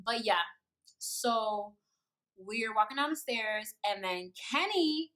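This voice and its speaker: A young woman telling a casual storytime, animated and slangy, acting out what people said. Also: on the high side, takes it slowly. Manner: animated, slangy, acts out quotes.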